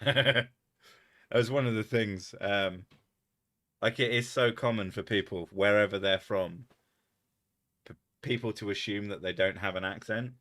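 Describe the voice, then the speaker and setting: A man with a southern English accent chats loosely on his livestream, swearing freely and laughing between rambling stories. His voice sits low, with a bright, forceful edge to it. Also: measured pace, long pauses. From England. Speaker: streamer. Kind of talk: casual livestream chat.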